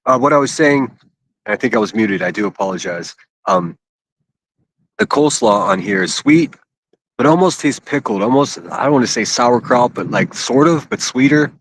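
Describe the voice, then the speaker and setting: Chatty low-voiced man streaming outdoors. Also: a bit bright. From Pittsburgh, USA. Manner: chatty, rambling, casually crude. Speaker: IRL livestreamer. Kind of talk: casual livestream chat. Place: outdoors in a riverside city park. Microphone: phone.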